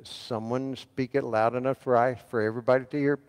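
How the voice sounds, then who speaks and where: Fairly quick and steady in tone, this pastor speaks in a medium-pitched, darkish, clean voice. He preaches in a church sanctuary, getting the congregation to answer and repeat verses after him, with long hall reverb on the recording.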